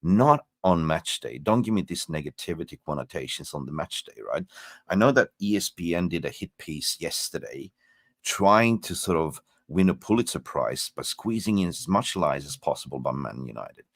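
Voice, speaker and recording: A man guesting on a fan stream, casual and animated, swearing freely, tired after just waking up. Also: very deep voice, moderate pace, no echo, studio quality. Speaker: guest fan content creator.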